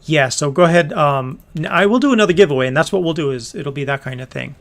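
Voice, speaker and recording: A man with a slightly high, gravelly voice talks casually on a livestream. He rambles through his business plans with plenty of fillers and restarts. Now and then he answers comments from viewers. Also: lively intonation, fast. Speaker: small business owner hosting a livestream.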